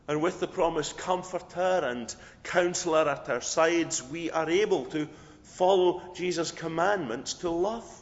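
A man preaching a sermon with a hoarse voice, measured and reflective, with a storyteller's flair. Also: fairly high pitch. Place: church. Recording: dull sound, long hall reverb.

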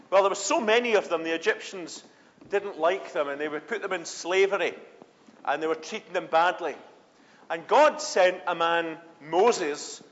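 A man tells a Bible story from the pulpit in a high, lively voice, acting out the grumbling crowd. The sound is muffled and rings with a long echo, as in a church. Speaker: preacher telling a Bible story. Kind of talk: children's sermon storytelling.

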